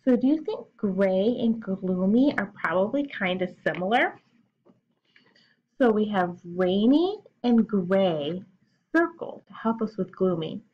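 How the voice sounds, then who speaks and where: A young woman teacher walks young learners through a lesson, taking her time over each step in an unhurried, patient way. Her voice sits at an ordinary middle pitch. The recording sounds a little muffled and lo-fi. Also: expressive. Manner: slow, patient, explaining step by step. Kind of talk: recorded classroom lesson for children.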